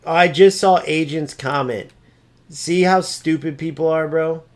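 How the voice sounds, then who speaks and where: A man's voice: steady tone, a little slow. Ranting male gaming streamer. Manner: ranting and mocking, swears freely; mimics opponents in a high sneering voice. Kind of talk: live gameplay commentary and chat.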